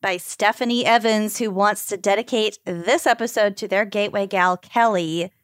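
A woman's voice: medium pitch, steady tone, normal speed, no echo, clean studio sound. A woman from Minnesota co-hosting a podcast, bubbly and laughing while she chats. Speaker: podcast co-host. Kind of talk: casual banter.

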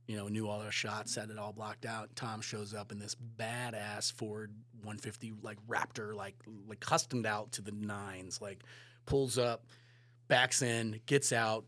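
A man's voice: lowish voice, a bit bright, dry recording. Sex: man. Role: photographer guest on a podcast. Style: rambling casual storytelling that acts out quoted dialogue. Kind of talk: casual anecdote telling.

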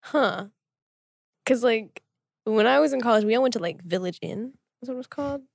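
A woman's voice: on the high side, a little fast, vocal fry, no echo. A young woman co-hosting a podcast, chatting casually, teasing and laughing easily. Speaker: podcast co-host. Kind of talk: casual chat.

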